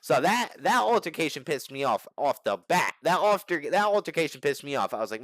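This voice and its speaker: A man's voice: fairly high pitch, big pitch swings, normal speed, a bit bright, no room sound. A young man telling a story to the camera in a casual, slangy and profane way, restarting his sentences often. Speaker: channel host.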